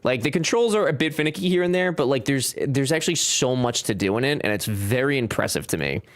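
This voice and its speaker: A man's voice: mid-range voice, fast. A man streaming a game live, chatting casually, joking around and reading out chat messages. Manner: jokey, animated, reads chat aloud.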